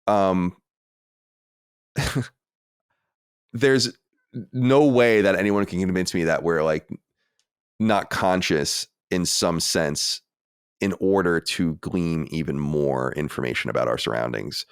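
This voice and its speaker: A man with a somewhat low voice muses out loud on a podcast, wandering through trailing asides. He is recorded on a close, dry mic with no room echo. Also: slow, long pauses, smooth. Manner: musing, rambling, trailing asides. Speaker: podcast host. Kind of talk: casual podcast chat.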